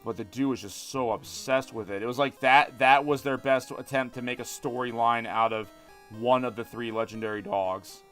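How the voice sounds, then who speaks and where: A male streamer rambling through live gameplay commentary and talking back to his chat. His voice sounds bright and forward, at an everyday male pitch. Faint game music plays behind him. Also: normal speed. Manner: rambling, animated, talks to chat.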